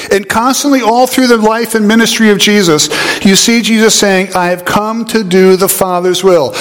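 A man preaching a sermon as pastor, emphatic, with rising questions and quieter low asides. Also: long reverb tail.

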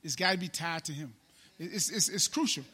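A man preaching a sermon in call-and-response style. He repeats his phrases and swings between loud and soft. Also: on the high side, brisk, husky.

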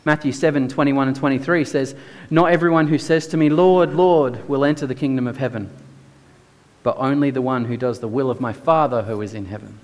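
Speaking a little fast, a preacher with a mid-pitched voice gives an easygoing, conversational sermon sprinkled with many "like"s, as though among friends. A long echo hangs in the church hall around him.

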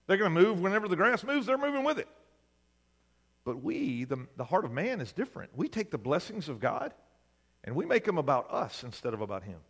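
A man's voice: sits high, huge pitch swings, brisk, husky, long reverb tail. A male pastor preaching a sermon in a conversational way, often asking the congregation "right?".

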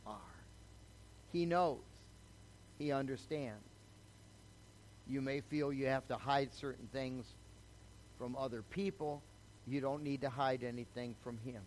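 A man's voice: mid-range voice, slight background noise, low-quality recording. An older man preaching a sermon in a chatty way, telling his own story and often checking in with the listeners. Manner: conversational, storytelling, asks the crowd "okay?". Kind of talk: sermon with personal testimony.

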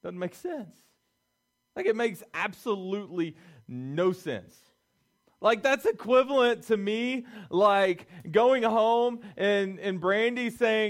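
High-voiced man preaching casually. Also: expressive, slow. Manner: casual and joking, acts out quotes. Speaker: pastor. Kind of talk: sermon.

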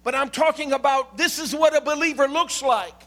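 A middle-aged man preaching a sermon as a pastor, swinging from impassioned shouting to quiet storytelling. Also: extremely high pitch, a little fast.

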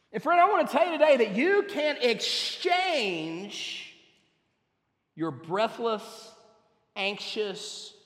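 A man preaching a sermon as pastor, emphatic, repeating words and swinging between loud and soft passages. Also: sits high. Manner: emphatic, with repeated words and rising and falling delivery. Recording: echoey hall with long reverb.

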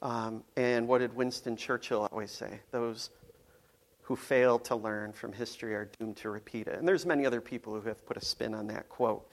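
Chatty pastor, loose sermon delivery. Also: male voice, medium pitch, fairly even intonation, moderate pace, creaky. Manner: conversational, playful, frequent ums and restarts.

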